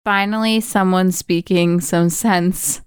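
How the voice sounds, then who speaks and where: A woman podcast co-host walks through a film plot in easygoing conversation, peppered with "like." Her voice is very smooth and clear, and sits a little low. The sound is close and dry, with no room echo. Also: steady tone, takes it slowly. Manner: chatty storytelling, many "like" fillers. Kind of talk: casual film recap chat.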